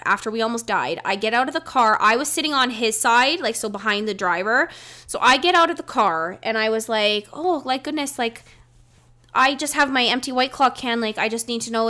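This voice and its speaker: A woman's voice: fairly high pitch, lively intonation, fairly quick, bright, forceful tone. A young woman co-hosting a podcast, telling a story in casual chat, blunt and full of swearing. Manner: blunt, profane, chiming in. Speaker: podcast co-host.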